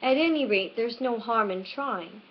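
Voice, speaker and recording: A woman's voice: a little high, animated, unhurried, slight background noise. A woman voicing a polite, eager little girl who chatters earnestly and rambles on, from a dull lo-fi webcam recording.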